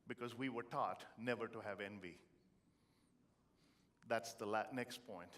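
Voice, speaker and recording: Brief: middle-aged male motivational speaker from India, comic and punchy. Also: medium pitch. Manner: punchy storytelling, swings from loud to quiet. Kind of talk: humorous motivational speech.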